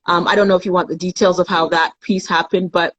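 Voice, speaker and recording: A woman's voice: on the low side, little pitch movement, quick pace, lo-fi sound. Young woman telling her story straight out, does little voices for the people in it. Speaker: guest. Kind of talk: personal storytelling in a live chat.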